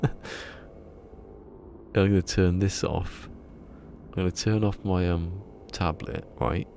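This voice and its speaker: Deep, gravelly man rambling on stream. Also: steady tone, slow pace, dark tone, slight background noise. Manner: rambling, chatty, laughs at his own jokes. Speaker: game streamer. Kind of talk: casual live-stream chat.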